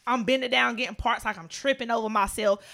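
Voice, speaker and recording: A woman co-hosting a podcast, telling funny stories in an animated, profane way with lots of laughter. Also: a little high, fast, creaky. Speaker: podcast co-host. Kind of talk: casual podcast storytelling.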